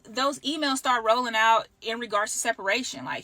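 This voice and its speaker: A woman's voice: fairly high pitch, expressive, fairly quick, bright, forceful tone, dry recording. A woman telling a personal story in a heartfelt, rambling way, with many fillers, a mother with kids. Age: adult with children. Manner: heartfelt, rambling, lots of "like" and "I'm just like". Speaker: laid-off employee sharing her story.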